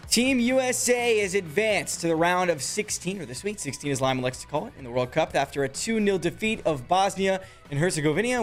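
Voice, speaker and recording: A male sports radio co-host delivers opinionated takes in a fairly high voice. He often stumbles and restarts his sentences mid-thought. A faint music bed sits behind him. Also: expressive, fairly quick, few pauses. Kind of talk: casual sports radio banter.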